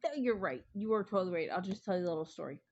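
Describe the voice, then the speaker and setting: A woman's voice: lowish voice, animated, very fast, muffled recording. A woman vlogger telling a funny story in casual chat at home, chatty and prone to giggling.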